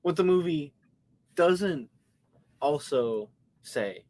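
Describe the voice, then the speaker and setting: A man co-hosting a live podcast in a casual movie review chat, retelling scenes with lively acted-out quotes. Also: on the high side, drawn-out words. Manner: animated storyteller, acts out scenes. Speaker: podcast co-host.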